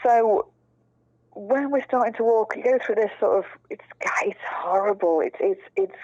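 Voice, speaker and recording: A woman talks frankly and chattily in a relaxed interview, swearing now and then. Her voice is mid-pitched. The recording sounds dull, lo-fi and dry. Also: moderate pace, no room sound. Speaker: guest, prisoner's fiancée. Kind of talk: casual storytelling interview.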